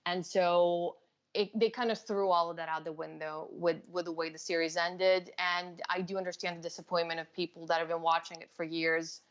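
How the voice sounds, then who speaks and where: Low-voiced woman on dull, lo-fi audio. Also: little pitch movement, moderate pace. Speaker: guest on live stream. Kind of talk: casual live chat.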